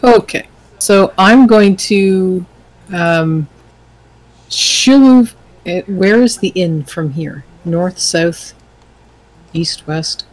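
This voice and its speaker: A player in a tabletop game, talking slowly and hesitantly with many ums. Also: medium pitch, low-quality recording.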